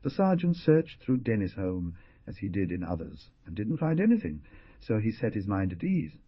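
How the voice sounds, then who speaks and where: Low husky guy narrating an audiobook, lively up and down reading, dull dry sound. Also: no echo. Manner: measured storytelling. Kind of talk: scripted narration.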